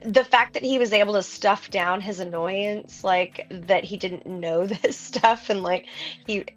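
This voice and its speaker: A woman chats with her podcast co-host at an easy, unhurried pace, laughing often and rambling as she works out her thoughts. Her sound is dull and muffled, with faint music underneath. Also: mid-range voice. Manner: laughs easily, talks in rambling bursts. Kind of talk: casual chat.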